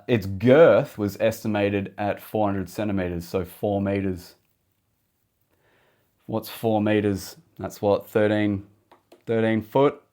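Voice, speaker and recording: Chatty man with a low voice. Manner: chatty, jokey, swaps facts with asides. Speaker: podcast host. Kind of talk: casual solo podcast talk.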